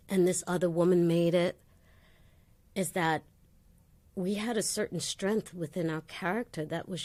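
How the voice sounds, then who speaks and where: A woman talks frankly about her life in a sit-down interview. She tells her stories with energy and acts out the people in them. Her voice sits low, and it is recorded close with a dry sound. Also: no room sound. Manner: animated storytelling, acting out quoted voices. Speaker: guest. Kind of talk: candid interview conversation.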